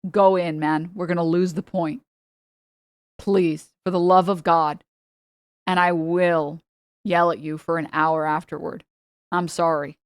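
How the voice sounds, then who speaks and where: A woman's voice: fairly low pitch, steady tone, measured pace, long pauses, no echo, clean studio sound. Fiery, swearing young woman streamer. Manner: fiery and profane, stumbling restarts. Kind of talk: heated live-stream reaction.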